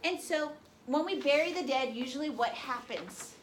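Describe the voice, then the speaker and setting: Reading a speech aloud during a history lecture, a woman fires questions at her students in a high-pitched, animated voice at normal speed. The classroom audio is distant and slightly noisy.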